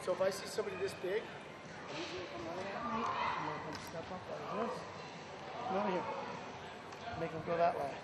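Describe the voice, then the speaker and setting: A man's voice: high voice, brisk, vocal fry, pauses often. A man coaching lacrosse players at practice, energetically calling out praise and instructions. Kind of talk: on-field coaching. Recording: noisy field recording.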